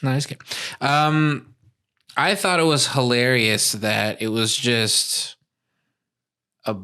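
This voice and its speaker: A man with a bright, tense-edged voice at a middling pitch co-hosts a podcast. He talks in a laid-back, casual way and laughs easily. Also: steady tone, takes it slowly, clean tone. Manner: laid-back, laughs often, puts on mock Italian accents. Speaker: podcast co-host. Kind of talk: casual chat.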